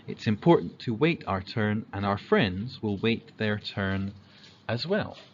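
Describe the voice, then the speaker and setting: A man teaching children polite manners in a slow, clear way, acting out examples. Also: lowish voice, expressive, highs cut off, a little hiss or hum.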